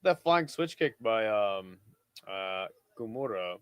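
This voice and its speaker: A tired young man hosts a live watch-along stream, laid-back as he calls the action casually, swears freely, and drifts into chat between plays. His lowish voice is expressive, slow, fairly bright, and smooth, with no echo.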